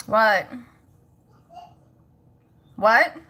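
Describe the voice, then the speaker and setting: A woman's voice: fairly high pitch, lively intonation, very slow, bright, forceful tone. A woman vlogging casually at home as a mother, chatting with viewers, laughing often and scolding her toddler in between.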